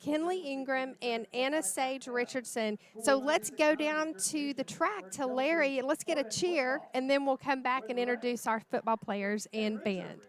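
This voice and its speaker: A woman's voice: high voice, normal speed, hardly any pauses. A woman, announcing for a livestream sports broadcast and reading out lists of names in a chatty way.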